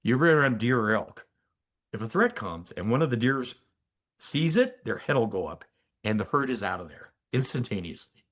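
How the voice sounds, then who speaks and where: An older man, a physician and energy healer, telling a story as a podcast guest in an animated, emphatic way with asides to the listener. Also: mid-range voice, moderate pace. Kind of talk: conversational storytelling in an interview.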